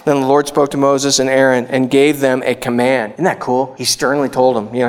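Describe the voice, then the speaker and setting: A middle-aged man delivers a laid-back sermon in an easy, conversational way. He grows animated and sometimes lifts into excited voices for the people he quotes. His voice sits in a mid range for a man. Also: mid-range voice, moderate pace. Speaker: pastor. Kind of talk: casual sermon.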